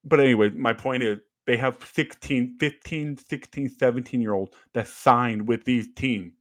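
A young man at a medium pitch tells stories in a casual podcast chat. He keeps a loose, excited flow, full of fillers and false starts. The recording is close and dry, with no room sound. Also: moderate pace, dry recording. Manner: animated storytelling with fillers and restarts. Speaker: podcast co-host, former ballplayer.

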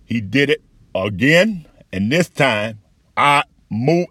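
A man giving a candid, profane personal account with halting restarts and frequent fillers. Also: mid-range voice, animated, a bit bright, breathy edge, no echo. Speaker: patient recounting an experience.

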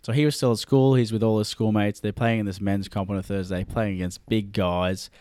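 A man's voice: fairly low pitch, steady tone, a little fast, a little mellow. A man co-hosting a casual podcast, telling stories animatedly and laughing often. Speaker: podcast co-host. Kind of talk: casual chat.

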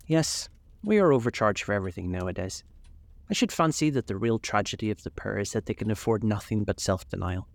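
A man voicing a languid, witty aristocratic gentleman in a storybook reading, with a drawling, amused manner. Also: lowish voice, expressive, fairly quick, vocal fry, dry recording.

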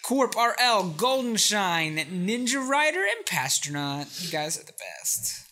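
A podcast co-host in casual chat, excitable and rambling, laughing often. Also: medium pitch, measured pace.

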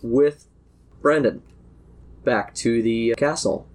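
Quick-talking man running a tabletop game. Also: medium pitch, a little mellow. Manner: quick, restarting, laughs often. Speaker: game master.

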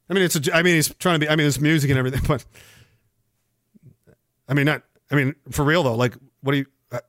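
A man's voice: a little high, expressive, quick pace, pushed and bright, no echo, clean studio sound. A man hosting a podcast, chatting casually, rambling and swearing with frequent laughs. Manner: rambling, profane, laughs often. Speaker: podcast host. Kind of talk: casual chat.

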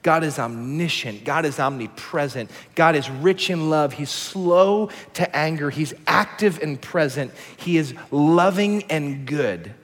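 A man in his thirties preaching a sermon as a pastor, telling stories with lively shifts between hushed and excited delivery. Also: a little high, measured pace, hardly any pauses, in a large hall.

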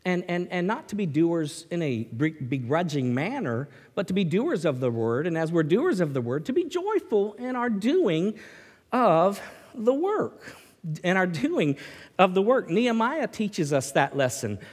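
A man preaching a sermon in an animated way, swinging from loud bursts to hushed words and often repeating himself. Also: high-pitched, a little slow, breathy edge. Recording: hall reverb.

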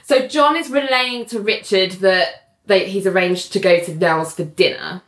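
A woman's voice: mid-range voice, moderate pace, a bit bright. A woman co-hosting a casual chat, animatedly retelling a TV episode, slipping into the characters' voices and laughing often.

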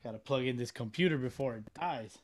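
A man's voice: medium pitch, a little fast, no room sound. A man hosting a podcast in casual chat, joking and swearing freely. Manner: profane, joking, loose. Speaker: podcast host.

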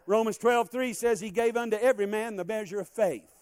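Delivering a sermon as a visiting preacher in a church hall, this man speaks in a high register at a moderate tempo. His manner is lively as he urges the congregation to answer back, and there's no echo on the audio.

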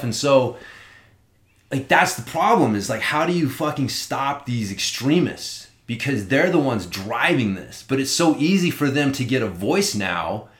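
Man, casual podcast talk, profane, rambling, echoey room. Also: mid-range voice. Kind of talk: casual chat. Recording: roomy echo.

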